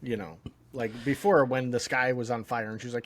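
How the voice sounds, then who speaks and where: A man's voice: mid-range voice, fairly even intonation, brisk, a little hiss or hum. A man co-hosting a podcast, chatting casually about comics with wry, jokey asides. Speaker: podcast co-host. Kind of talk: casual comic-book discussion.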